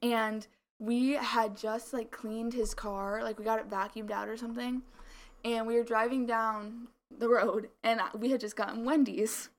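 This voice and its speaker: A woman's voice: a little high, steady tone, moderate pace. A young woman co-hosting a podcast in casual chat, rambling with lots of filler words and a slight mumble. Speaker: podcast co-host.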